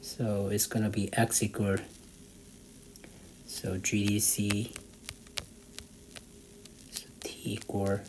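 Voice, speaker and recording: Slow, halting man tutoring math. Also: lowish voice, flat delivery, a little mellow, rough recording. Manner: halting, many fillers, thinks aloud while using a calculator. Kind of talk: walking through an exam problem. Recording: faint background noise.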